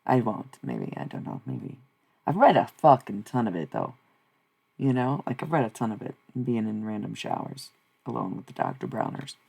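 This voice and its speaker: Brief: streamer voice, gravelly and slightly husky, searching and repetitive, casual swearing. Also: medium pitch, sing-song, moderate pace, a little mellow. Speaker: live streamer. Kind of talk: rambling spiritual musing.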